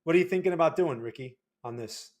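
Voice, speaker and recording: A man with a fairly high-pitched voice walks through market charts on a livestream. His delivery is loose and conversational, and he keeps checking in with viewers through quick tag questions. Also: a little mellow. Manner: casual, frequent tag questions. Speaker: market analyst host.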